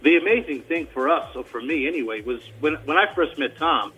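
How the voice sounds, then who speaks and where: A man from Australia, a tribute performer, telling a story in a casual radio interview, with an animated delivery full of restarts and a mild Australian accent. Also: on the high side, brisk, slightly rough, soft background music, low-quality recording. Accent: mild Australian, mostly hidden.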